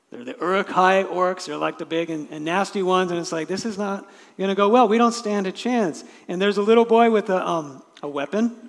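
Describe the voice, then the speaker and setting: A male pastor preaching in a church sanctuary, his somewhat high voice carrying a long reverb tail. He moves from loud, emphatic declarations to hushed lines that are nearly whispered. Conversational asides break in, sometimes with a light laugh. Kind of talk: sermon.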